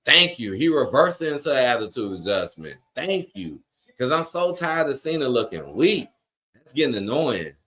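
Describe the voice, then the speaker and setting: A man's voice: medium pitch, sing-song, normal speed. A man, ranting with frustration and profanity while reacting live on a watch-along stream and reading chat aloud.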